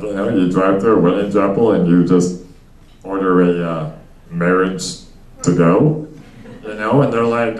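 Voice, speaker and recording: A man's voice: deep voice, moderate pace, darkish tone. A young man doing a stand-up comedy set, rambling loosely with lots of fillers and chatting with the crowd. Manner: rambling, loose delivery with many fillers and asides. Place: comedy club stage before a small audience. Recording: echoey room, miked from a distance.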